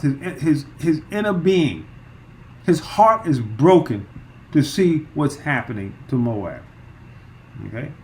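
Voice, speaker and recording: A man teaching through a Bible chapter verse by verse, emphatic, with frequent repeats and fillers. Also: on the high side.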